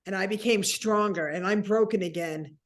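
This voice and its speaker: A woman in her sixties, a guest telling a personal story with animated, acted-out dialogue. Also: mid-range voice, normal speed. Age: 60s. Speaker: interview guest.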